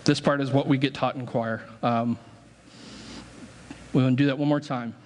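A pastor leads his congregation through a singing exercise during a sermon in the church sanctuary, playfully joking as he directs them. His voice is medium-pitched and darkish, with fairly even intonation at a normal pace.

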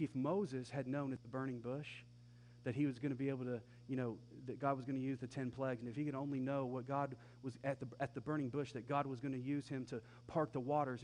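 Brief: male pastor mid-sermon, relaxed and conversational, lively when he acts out quotes. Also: mid-range voice, a little hiss or hum.

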